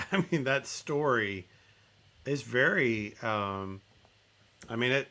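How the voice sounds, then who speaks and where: A man hosting a podcast, talking things through in a relaxed, thoughtful way with some hedging. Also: mid-range voice, slow pace. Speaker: podcast host. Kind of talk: casual interview talk.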